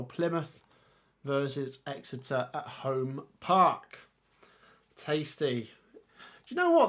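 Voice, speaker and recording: A man hosting a casual football livestream, reading viewer comments and reacting with excitable exclamations. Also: on the high side. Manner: chatty, excitable, exclaims often.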